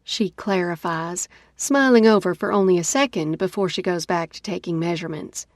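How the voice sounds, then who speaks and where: A woman narrating an audiobook in the first person, unhurried. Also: lowish voice, no echo, studio quality.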